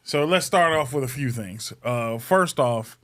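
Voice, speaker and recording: Bright-voiced male podcast host, profane. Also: medium pitch, lively intonation, unhurried. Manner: loose, profane, joking rants. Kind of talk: casual comedic podcast chat.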